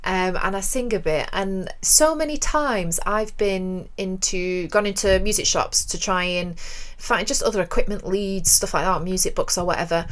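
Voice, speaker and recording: A woman's voice: medium pitch, normal speed. Chatty woman radio co-host. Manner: chatty storyteller, laughs often. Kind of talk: casual chat.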